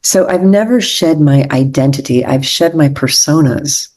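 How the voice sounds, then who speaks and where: Low, mellow-voiced woman guest. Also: normal speed. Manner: earnest, gentle, repeats phrases for emphasis. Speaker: guest author. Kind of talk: reflective interview conversation.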